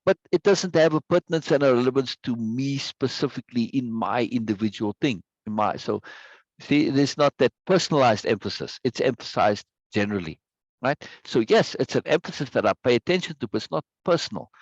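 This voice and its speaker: A man's voice: medium pitch, animated, a little fast, no room sound, dull audio. Man lecturing with emphatic repeated words. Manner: conversational, repeats words for emphasis, frequent "right?" tag questions. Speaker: course instructor. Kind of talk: live online lecture. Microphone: video call microphone.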